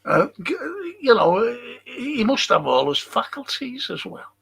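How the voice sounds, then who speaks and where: A man's voice: high-pitched, sing-song, measured pace, vocal fry, a bit bright, slightly rough. A man hosting a casual late-night livestream in a rambling, sweary way and chuckling to himself, speaking into a computer mic at a desk. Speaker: livestream host.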